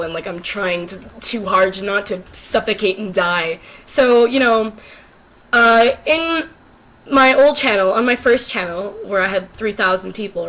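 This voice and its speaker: Sore throat and all, a teenage YouTuber chats off the cuff to her camera, rambling, filler-heavy and self-deprecating. Her voice is mid-range with a fairly bright tone.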